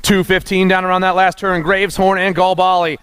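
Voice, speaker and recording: High-voiced, excited male race announcer. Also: fairly quick, clean tone. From USA. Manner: excited, punchy calls, nicknames, fired up. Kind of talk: live race commentary.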